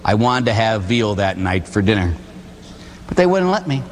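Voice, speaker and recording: A middle-aged man from Pittsburgh, a Catholic priest giving a humorous storytelling sermon, animated and theatrical. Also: on the low side, moderate pace. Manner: animated, theatrical, acts out voices. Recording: long hall reverb.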